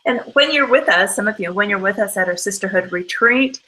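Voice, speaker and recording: A woman's voice: mid-range voice, brisk, pushed and bright, slight background noise, rough recording. A woman giving a motivational talk, emphatic and full of rhetorical questions. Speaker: motivational speaker.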